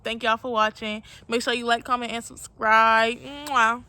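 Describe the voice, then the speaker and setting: A woman's voice: a little high, little pitch movement, measured pace, pushed and bright, no echo. A young woman telling a personal story to her viewers in a casual, slangy, candid way, calling them y'all. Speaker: storytime vlogger.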